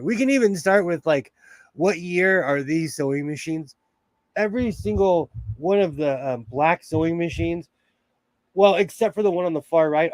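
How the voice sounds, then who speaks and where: Lively, slow-talking man hosting a sewing stream. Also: fairly high pitch, dry recording. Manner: chatty, laughs often, reads chat aloud. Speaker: sewing livestream host. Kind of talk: casual livestream chat while sewing.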